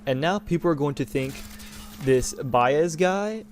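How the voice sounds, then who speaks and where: A man's voice: on the high side, lively intonation, a little slow, faint music behind. A young man hosting a gaming channel, talking in a rambling, indignant rant with many restarts. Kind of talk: casual opinion rant over gameplay.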